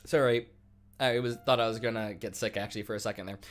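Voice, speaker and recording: A man's voice: on the low side, steady tone, fast, soft background music. A man hosting a live stream, chatting casually with viewers in a rambling, teasing way and laughing often.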